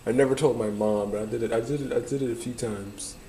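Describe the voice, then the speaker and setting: A man's voice: medium pitch, steady tone, quick pace, mellow, a little hiss or hum. A young man, chatting casually to camera in a rambling, nostalgic way and laughing often. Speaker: vlogger.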